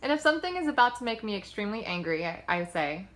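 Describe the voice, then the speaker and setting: A woman's voice: mid-range voice, big pitch swings, fast, fairly bright tone. Woman presenting in an echoey room. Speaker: student presenter. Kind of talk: class presentation narration.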